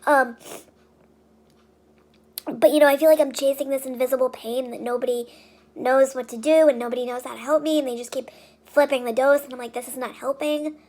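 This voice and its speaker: A woman's voice: high voice, fairly even intonation, brisk, long pauses, darkish tone. A young woman vlogging casually, venting with frustration and many fillers. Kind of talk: casual vlog monologue.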